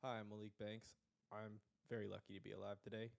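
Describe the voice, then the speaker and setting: A man's voice: on the low side, little pitch movement, fast, creaky. A young man co-hosting a podcast in casual, easygoing chat. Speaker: podcast co-host.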